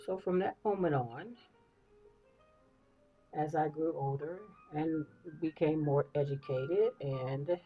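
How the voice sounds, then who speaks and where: A woman in her fifties chats through a get-ready-with-me vlog, telling her story with lively repetition and frequent check-ins with listeners. The recording sounds a little dull, with soft music running underneath. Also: sits low, slow. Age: 50s. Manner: animated storyteller, repeats phrases, checks in with listeners. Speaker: beauty vlogger. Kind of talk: casual get-ready-with-me talk.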